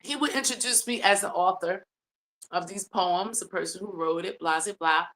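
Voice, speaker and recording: Bright-voiced woman giving detailed testimony. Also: on the low side, normal speed. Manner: long detailed storytelling with many ums. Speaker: complainant telling her story. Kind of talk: testimony in a mediated hearing.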